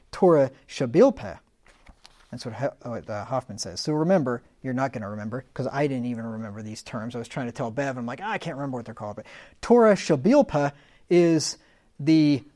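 A man's voice: on the high side, a little mellow. Man with a raised voice teaching Bible study. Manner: conversational, reads passages then comments loosely. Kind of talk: casual Bible study teaching, reading quotes aloud.

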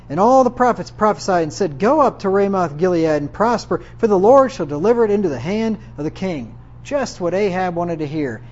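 A man's voice: high-pitched, a little mellow, a little hiss or hum. A man teaching from the Bible, reading verses aloud and then retelling them in plain, slangy everyday talk. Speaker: preacher. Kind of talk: Bible teaching with casual paraphrase. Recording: dull lo-fi sound.

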